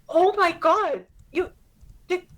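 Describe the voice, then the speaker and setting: A woman's voice: extremely high pitch, takes it slowly, a bit bright, voice pushed up, full character voice, poor audio. A woman voicing a hurt, defensive teen girl. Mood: pleading. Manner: emotional, pleading, defensive. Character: upset teenage girl obsessed with myths. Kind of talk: tabletop role-play voicing.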